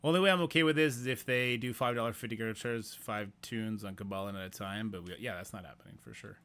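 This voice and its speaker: A man's voice: fairly low pitch, fast, fairly bright tone, clean tone. A man streaming a game, out of breath, chatting casually and thinking aloud with self-deprecating asides. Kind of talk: casual live-stream commentary.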